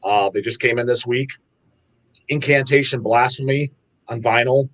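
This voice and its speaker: A man guesting on a podcast from a record label, chatting casually in an animated, profane way and acting out his own reactions. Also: mid-range voice, normal speed. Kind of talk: casual chat.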